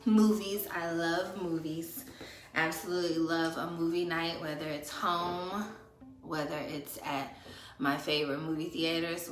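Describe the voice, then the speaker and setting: A woman in her thirties with a lilt, chatting casually to viewers as she does her makeup. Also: on the low side. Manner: chatty, talks while doing makeup. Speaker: beauty vlogger. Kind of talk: casual get-ready-with-me chat. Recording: roomy echo with music behind.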